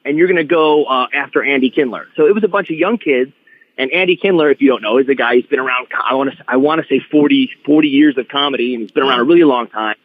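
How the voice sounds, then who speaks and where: A man guest on a podcast, telling stories in an animated, restart-filled way over a phone-like line. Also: medium pitch, fast, no echo. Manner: animated storyteller, many restarts. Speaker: guest wrestler. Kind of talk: casual podcast chat.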